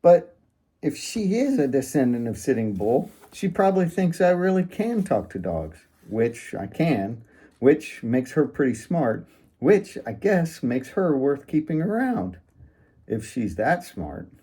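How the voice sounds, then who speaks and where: A man's voice: mid-range voice, big pitch swings, unhurried, mellow, husky. A man reading first-person fiction aloud in a wry, sardonic manner. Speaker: audiobook narrator.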